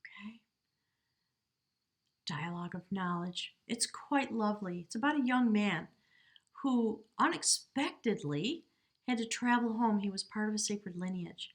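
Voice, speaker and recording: A woman's voice: medium pitch, expressive, a little slow. A woman giving a casual tarot reading to camera, chatty and heartfelt, talking straight to the viewer. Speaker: tarot reader.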